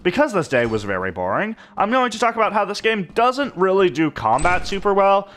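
A young man narrating his gameplay in a dry, wry commentary voice. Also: brisk. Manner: dry, wry narration with lively shifts in pitch. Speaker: gaming YouTuber.

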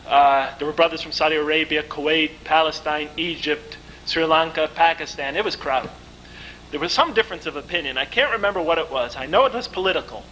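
A man giving a lecture, telling stories in a vivid, animated way. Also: on the high side, fairly quick, slight background noise, poor audio. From United States. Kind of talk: storytelling lecture.

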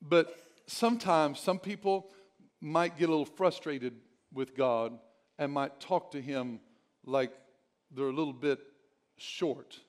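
A man's voice: on the high side, takes it slowly. A male pastor preaching a sermon, urging the congregation with emphatic repetition and the odd chuckle.

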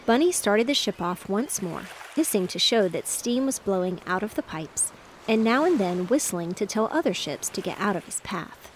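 A woman narrating a bedtime story in a gentle, even, soothing way. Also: medium pitch, moderate pace, a little hiss or hum.

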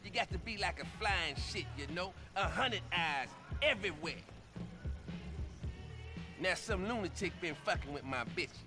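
An actor playing a brash, crude pimp who talks in swaggering street slang in a game cutscene. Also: male voice, high voice, expressive, normal speed. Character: brash middle-aged male pimp, bossy and crude. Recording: game cutscene audio with music.

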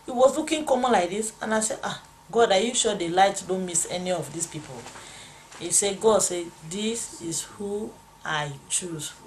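A woman preaches a testimony sermon in a mid-range voice at a brisk pace, fervently acting out the voices of God and the devil as she recounts a vision. Slight background noise is present.

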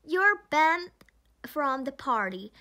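A stern older farmer from a storybook, read by a woman with a Korean accent. He talks firmly in a bright, high reading voice at an unhurried pace. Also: big pitch swings, heavily acted. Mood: angry.

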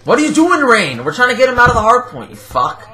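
A young man playing an online shooter with friends, loud and excitable, swearing and complaining as he plays. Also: very high-pitched, fast talker. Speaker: gamer. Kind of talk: live gameplay commentary with friends.

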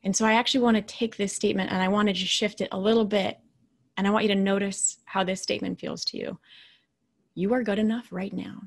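Keynote speaker, woman, thirties to forties, mid-pitched voice, conversational motivational talk that moves between lively storytelling and hushed asides. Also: fast, vocal fry. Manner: conversational and animated, dropping to quiet, hushed asides. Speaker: keynote speaker and leadership coach.

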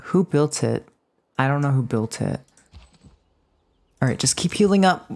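A woman with a deep, low voice streams a game live. She banters playfully with her chat and bursts into excited exclamations. Her talk is loose, quick and casual. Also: vocal fry. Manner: excitable outbursts. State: just woke up. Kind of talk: casual live gaming commentary.

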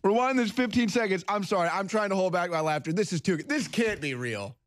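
A man's voice: high voice, expressive, brisk. A man hosting a talk show, reacting to a video clip with mocking disbelief. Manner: incredulous, mocking, laughing. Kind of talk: commentary over video clip.

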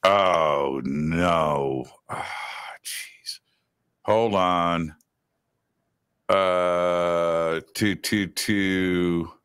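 A man's voice: low voice, flat delivery, very slow, long pauses, a bit bright, clean tone, dry recording, clean studio sound. A man co-hosting a live talk show, chatting casually and rambling with lots of fillers. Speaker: radio host, co-host.

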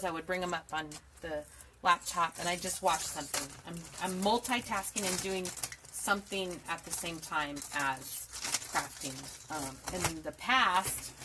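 A woman in her forties hosts a live craft tutorial from her home desk, speaking into a camera mic in a lowish voice with background noise behind her. She's chatty and rambling, laughs often, and greets viewers by name.

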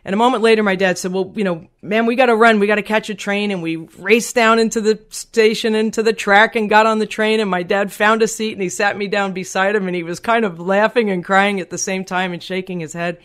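A middle-aged woman, a podcast guest, telling a personal story in an animated, heartfelt way and acting out the voices she quotes. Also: mid-range voice, a little fast, few pauses.

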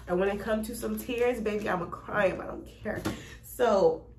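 A woman's voice: medium pitch, normal speed, darkish tone. A woman vlogging as she unboxes a label printer, emotional and close to tears, rambling with restarts and gushing thanks. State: teary, close to crying. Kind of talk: casual chat to camera. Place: cluttered home recording room. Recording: echoey room, distant mic, noisy.

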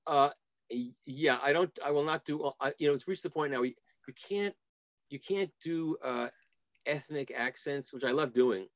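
A man's voice: a little high, moderate pace, dry recording. A man being interviewed as a guest audio reviewer, telling rambling stories and often restarting his sentences. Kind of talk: casual interview.

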